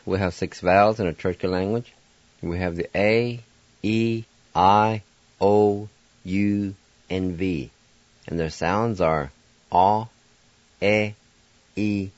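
Slow, deep-voiced man teaching a language. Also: no echo. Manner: patient, spells letter by letter. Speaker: radio host teaching language. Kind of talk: slow spelled-out language lesson. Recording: dull dry studio sound.

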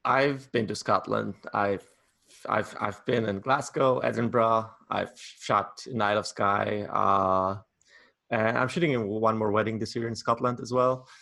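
A man talks in a low, gravelly voice as a guest in a casual interview. He speaks from his home office, hesitant and chatty, with frequent fillers and restarts. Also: steady tone, unhurried, pushed and bright. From Poland. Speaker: guest, wedding photographer.

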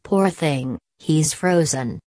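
Storybook: woman reading as a caring farmer, low and slow. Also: dark tone, no echo. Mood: kind. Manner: kind, caring. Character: kindly male farmer.

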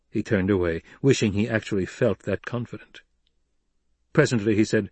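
A man narrating an audiobook in an even, measured reading. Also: lowish voice, slightly rough, no echo. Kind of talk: scripted narration.

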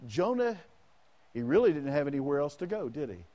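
A man's voice: a little high, sing-song, a little fast, mellow. A man preaching a sermon as pastor, asking the congregation questions and acting out prayers in the first person.

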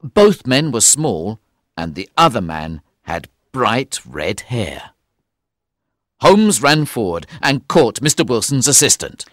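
A man giving scripted audiobook narration, telling the story in a slow, clear way. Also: medium pitch, very animated, a bit bright, dry recording, clean studio sound.

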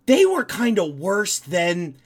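A man's voice: high voice, takes it slowly. A man co-hosting a podcast, telling stories in casual chat with lots of swearing. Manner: profane, animated storyteller. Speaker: podcast co-host.

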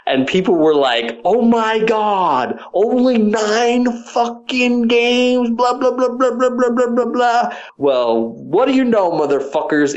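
A man ranting heatedly about games on a podcast, swearing constantly, his voice climbing high when angry. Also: muffled recording. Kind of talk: profane ranting gaming chat.

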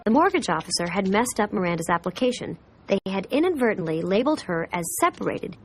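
A woman in a clip briskly recounting a mix-up in an animated way. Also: medium pitch, soft background music.

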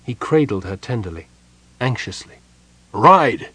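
A man narrating a fantasy audiobook in a steady, even storytelling voice. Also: lowish voice, moderate pace, breathy edge. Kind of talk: scripted narration.

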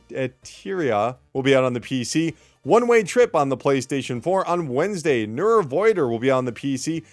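A male podcast host with a medium-pitched voice runs a gaming news show, reading out release lists and ranting in sarcastic, mock-dramatic outrage. There's no echo on the recording.

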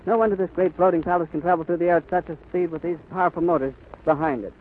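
A man's voice: sits high, racing, creaky. A man giving a live, vivid on-the-spot radio report from an airfield. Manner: vivid, flowing description. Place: outdoors on an airfield. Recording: crackly 1930s radio recording, phone-like band.

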